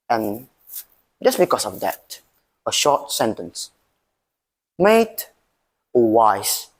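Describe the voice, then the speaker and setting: A teenage boy from Indonesia telling a story dramatically in a school speaking competition. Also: medium pitch. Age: teens. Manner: dramatic, swinging delivery with long pauses. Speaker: student storyteller.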